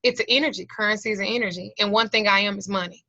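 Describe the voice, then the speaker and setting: Racing along with a bright, forceful tone and fairly even intonation, a middle-aged woman with a mid-range voice shares a candid personal testimony while on the verge of tears. She is teaching an occult class by video call, telling her story earnestly and colloquially, in slightly lo-fi audio with no room sound.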